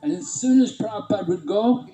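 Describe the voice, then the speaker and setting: A man's voice: high voice, brisk, echoey room, crowd noise, low-quality recording. A man casually reminiscing about his early temple days, often chuckling. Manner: warm-humored, chuckling, imitates others. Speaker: devotee reminiscing.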